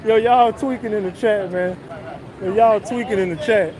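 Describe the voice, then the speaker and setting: Street livestream host, male, very high voice, joking and loose, faint crowd around. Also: fairly even intonation, normal speed. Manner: loose, joking, reads chat aloud. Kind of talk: casual livestream commentary. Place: outdoors on a busy city street.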